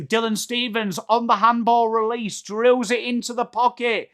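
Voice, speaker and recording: A man with an English accent doing live, excitable football commentary for a watchalong, joking and swearing and shouting at big moments. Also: very high-pitched, normal speed, hardly any pauses, clean tone.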